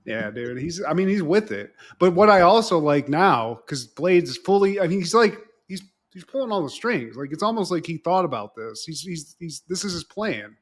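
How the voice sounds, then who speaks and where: Man, podcast co-host, casual episode recap, fairly high voice, animated, swears, acts out character lines. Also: normal speed, hardly any pauses.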